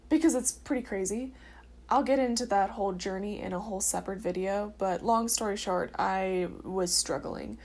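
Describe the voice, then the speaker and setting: Young woman, early twenties, slightly high voice, casual and heartfelt personal vlog delivery. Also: darkish tone. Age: early 20s. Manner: earnest and chatty, with filler words. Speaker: vlogger sharing her testimony.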